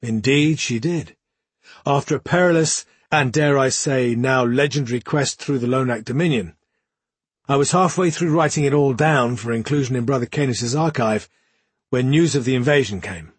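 A cocky young warrior brother, all grins and swagger, spinning a boastful tale, as a male audiobook narrator puts him on. The voice is slightly raised and brighter than the narration, with a husky, breathy grain. It sounds close and dry, with no room around it. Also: medium pitch, moderate pace, no echo, close to an everyday voice. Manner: jaunty, grinning, storytelling swagger.

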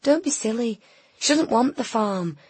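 A woman voicing a gentle, patient bookseller woman in an audiobook, soft but firm. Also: on the high side, animated, normal speed, husky, no room sound, voice pushed up. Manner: gentle, soothing.

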